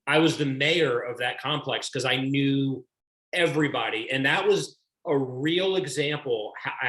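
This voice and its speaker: A man's voice: medium pitch, fairly bright tone. A man hosting an author talk over a video call, asking questions in a rambling way with many restarts. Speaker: host of an author series. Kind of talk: interview questions. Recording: roomy echo.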